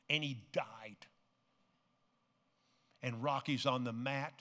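Male preacher, bright ringing tone, dramatic hush-to-shout delivery and repeated refrains, in a reverberant sanctuary. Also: mid-range voice, steady tone, slow, long pauses. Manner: dramatic, swings from hushed to shouting; repeats phrases for emphasis. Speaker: pastor. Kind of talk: sermon. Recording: long reverb of a large hall.

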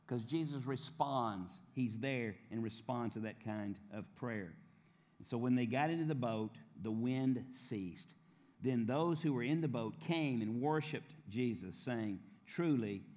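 Man preaching with measured, drawn-out emphasis. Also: medium pitch. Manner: measured preaching, drawn-out emphasis on key words, quiet dips in voice. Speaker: pastor. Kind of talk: sermon.

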